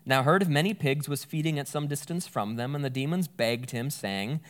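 A man's voice: on the high side, brisk, a bit bright. A man giving a casual, conversational Bible teaching, thinking aloud and correcting himself as he goes.

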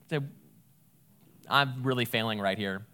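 A man's voice: mid-range voice, unhurried, bright, forceful tone, smooth. A man giving a casual, conversational Bible teaching, thinking aloud and correcting himself as he goes.

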